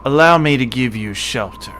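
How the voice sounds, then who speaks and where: Guy putting on a smooth intense tiefling boss, fiery, mid-low voice, game table vibe. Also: lively intonation, normal speed, very noisy, close to an everyday voice.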